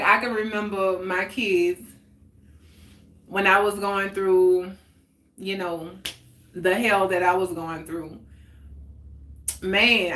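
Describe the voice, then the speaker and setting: Slow-talking woman in a roomy echo. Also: medium pitch, a bit bright. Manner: chatty and candid, answers viewer comments aloud, laughs often. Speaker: host of a live talk stream. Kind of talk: casual heart-to-heart chat. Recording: roomy echoey sound.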